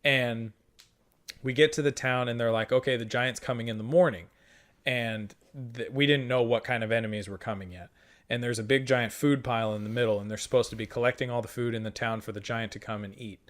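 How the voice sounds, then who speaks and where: A young podcast host with a mid-range voice retells a tabletop game session at a fairly quick clip. He swears freely and stays animated, quoting lines from the other players.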